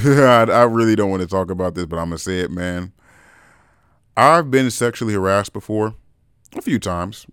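A man's voice: on the low side, normal speed, a bit bright, smooth, no echo, studio quality. A young man hosting a podcast in a casual, frank chat, talking straight to his listeners and calling them bro. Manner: laid-back, frank, calls listeners bro. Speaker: podcast host.

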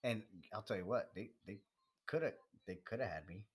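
Deep husky laughing man. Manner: laughs often, animated, quick asides. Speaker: podcast co-host. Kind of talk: casual profane podcast chat.

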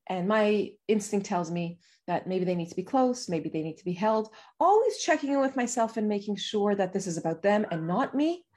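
A woman speaking gently and soothingly to parents, giving calm reflective guidance. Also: mid-range voice. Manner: gentle, soothing, pausing to feel her emotions. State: emotional.

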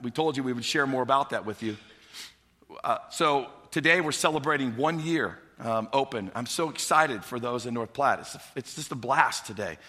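Bright-voiced pastor preaching in a hall. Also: male voice, medium pitch, normal speed. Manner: animated storytelling, acting out characters. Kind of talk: sermon. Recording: long hall reverb.

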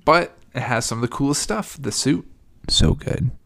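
Lively, gravelly young podcast co-host. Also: male voice, mid-range voice, brisk. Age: young adult. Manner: laughs often, upbeat and opinionated. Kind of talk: casual chat.

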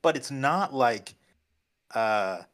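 A man's voice: medium pitch, lively intonation, drawn-out words, fairly bright tone. A man co-hosting a casual podcast chat, rambling and hedging, laughing often. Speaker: podcast co-host.

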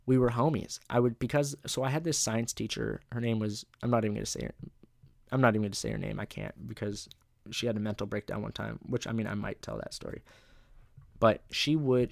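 A man's voice: on the low side, fairly even intonation, a little fast, creaky, a little mellow, no room sound, clean studio sound. A young man hosting a podcast, telling rambling, profane stories in a casual monologue and laughing at his own jokes. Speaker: podcast host.

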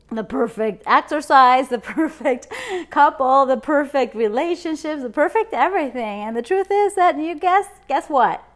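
A middle-aged woman hosting her own podcast, talking casually and effusively about gratitude and self-talk, laughing often. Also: fairly high pitch. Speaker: podcast host. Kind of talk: casual motivational monologue.

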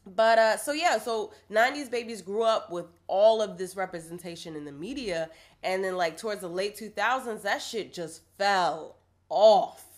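A woman's voice: mid-range voice, moderate pace. A woman in her twenties, hungover, co-hosting a podcast in casual, slangy, laughing chat. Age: 20s. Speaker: podcast co-host.

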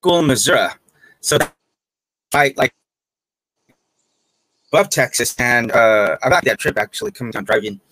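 A man's voice: mid-range voice, animated, moderate pace, long pauses, sharp tone, low-quality recording. A man hosting a casual conversation, chatty and joking, who often stumbles over his words. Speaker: host.

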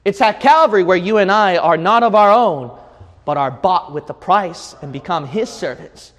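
A man preaching a sermon as pastor, building from quiet reflection into shouted crescendos. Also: high-pitched, lively intonation, normal speed, big-room sound.

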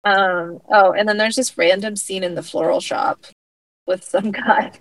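Woman, casual chat, animated retelling, dry close recording. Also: mid-range voice, measured pace, no echo, low-quality recording. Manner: animated retelling with acted-out quotes and laughs. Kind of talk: casual chat recapping a TV show.

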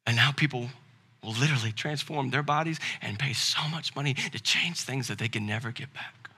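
A Southern American pastor builds his sermon to loud, emphatic preaching, then drops into a quiet tone. His voice is medium-pitched, brisk, and husky.

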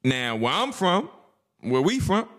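Podcast co-host, man, East Coast, lively storyteller voice that swings high and low. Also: a little slow. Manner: animated storyteller, acts out quotes with big pitch jumps. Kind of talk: casual chat.

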